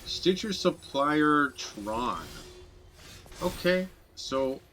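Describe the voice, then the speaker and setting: A man streaming a digital card game, giving casual, self-deprecating commentary as he thinks his plays through out loud. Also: a little high, animated, extremely slow.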